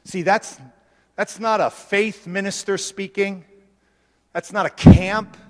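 A man delivering a sermon in a high, ringing voice, pressing each point with repeated phrases. His words carry a long reverb, as if spoken in a large hall. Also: fairly even intonation, takes it slowly. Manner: emphatic, insistent preaching with repeated phrases. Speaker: preacher.

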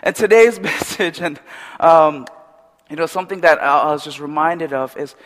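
High-voiced male preacher in a reverberant hall. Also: moderate pace. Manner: conversational, animated, with restarts and asides. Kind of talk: sermon.

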